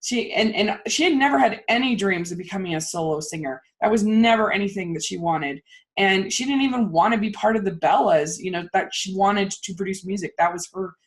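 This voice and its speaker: A young woman hosting a casual movie podcast, talking in an animated, ranting way with lots of fillers. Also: mid-range voice, a little fast. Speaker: podcast host. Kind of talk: casual chat.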